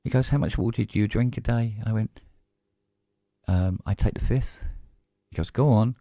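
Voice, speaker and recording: Gravelly low-voiced British man telling a story. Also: normal speed, dark tone, no echo, muffled recording. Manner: storytelling, acting out both sides of a conversation. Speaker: co-host. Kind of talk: casual live-stream chat.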